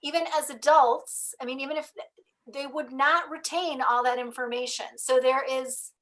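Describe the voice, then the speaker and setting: A woman's voice: sits high, steady tone, normal speed, low-quality recording. A woman in an online talk explaining her reasoning in a thoughtful way. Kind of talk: webinar conversation.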